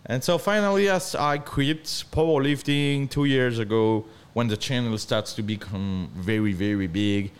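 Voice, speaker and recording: A man from northern France with a French accent, talking as a guest in halting English full of restarts. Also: medium pitch, clear, resonant tone. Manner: halting non-native English, frequent restarts, earnest. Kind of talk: casual chat.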